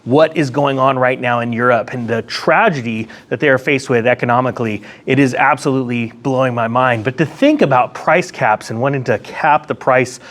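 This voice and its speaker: Speaking at a normal speed with few pauses, the host of an economics commentary channel has a medium-pitched voice. He chats casually and sarcastically from a room by a window, staying animated and laughing at his own jokes on his vlog.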